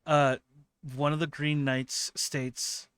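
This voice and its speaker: A man's voice: a little high, little pitch movement, slow, a bit bright, smooth, no echo. Game master man narrating a scene. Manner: descriptive, many fillers and restarts. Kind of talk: narrating a tabletop role-playing game.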